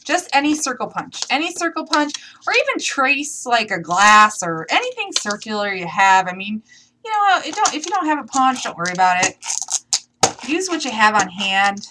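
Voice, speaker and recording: A woman's voice: on the high side, big pitch swings, moderate pace, background noise. A woman chatting to viewers as she demonstrates a craft project in a casual live tutorial. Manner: chatty, talks to viewers while working.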